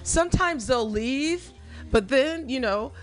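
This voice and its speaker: A woman's voice: high-pitched, animated, slow pace, faint music behind. A woman co-hosting a radio show, speaking frankly and loosely, swearing freely and filling with "you know". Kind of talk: casual chat.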